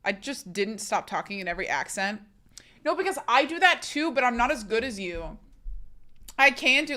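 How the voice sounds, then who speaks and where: A woman's voice: on the high side, sing-song, normal speed, pushed and bright. A young adult woman from the United States, chatting casually on a live stream in a giggly, rambling, self-mocking way.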